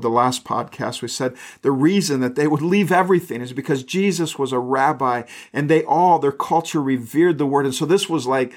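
A man's voice of ordinary pitch reads verses aloud and then breaks off to comment on them in his own words. He preaches in an easy, conversational way, sometimes stumbling over and repeating a word as he thinks. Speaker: pastor. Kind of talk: scripture reading with sermon commentary. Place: podcast recording.

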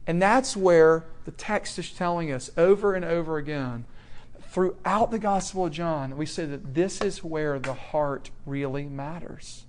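A young man preaching a sermon, swinging from loud, emphatic questions to soft, hushed warnings. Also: on the high side, unhurried.

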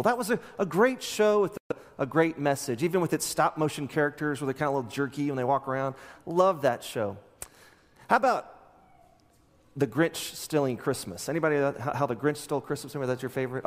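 A man preaching a sermon as pastor, telling stories in an animated way and acting out the characters' lines. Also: fairly high pitch, in a large hall. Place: church sanctuary.

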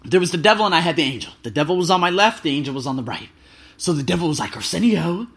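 Animated, excitable thirty-year-old man. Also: a little high, rapid-fire, breathy edge. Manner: animated, excitable, swears freely. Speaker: travel vlogger. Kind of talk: casual storytelling.

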